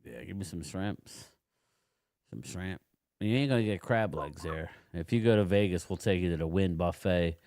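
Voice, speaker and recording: Man host for a casual livestream chat, low voice, dry close sound, easygoing and rambling. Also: normal speed, a little mellow, no echo. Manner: rambling, laid-back storytelling.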